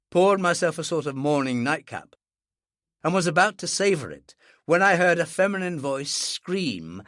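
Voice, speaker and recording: Measured audiobook narrator, very lively pitch. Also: dry recording, studio quality. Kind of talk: first-person thriller narration.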